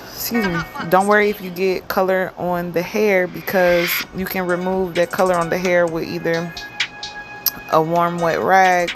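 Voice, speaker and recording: A woman giving a casual hair tutorial, explaining each step in a chatty, relaxed way with plenty of fillers. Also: lowish voice, normal speed, over music. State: cold and yawning. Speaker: hair stylist demonstrating a wig.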